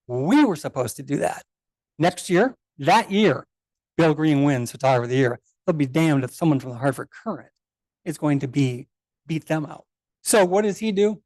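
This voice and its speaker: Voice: medium pitch, darkish tone, no echo. A photographer in their sixties giving a memorial tribute, telling rambling anecdotes and quoting others' dialogue. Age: 60s. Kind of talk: memorial speech, anecdotal storytelling. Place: meeting house.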